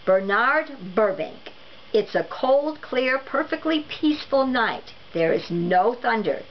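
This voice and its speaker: A patient, sensible wife in a storybook, as a woman reader puts her on, speaking calmly and plainly with gentle firmness. The sound is muffled and lo-fi with faint background hiss. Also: fairly high pitch, slow pace. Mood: firm. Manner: calm, matter-of-fact, gently firm. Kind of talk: storybook read-aloud. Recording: dull lo-fi recording with faint noise.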